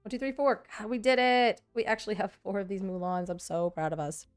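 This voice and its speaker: A woman's voice: mid-range voice, fairly even intonation, a little fast. A woman vlogger chatting casually and thinking aloud while she sorts trading cards, often poking fun at herself. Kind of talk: casual chat while working.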